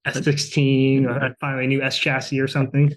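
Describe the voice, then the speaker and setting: A man's voice: mid-range voice, completely flat delivery, a little fast, slight background noise, poor audio. A man hosting a car podcast, casual and loose, leaning on "you know" fillers. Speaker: podcast host. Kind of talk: casual interview chat.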